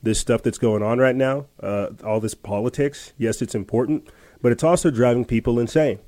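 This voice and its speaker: A man's voice: medium pitch, moderate pace, warm tone, dry recording. A man hosting a podcast, telling a story in a rambling casual way with many restarts and laughs. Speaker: podcast host. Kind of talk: casual chat.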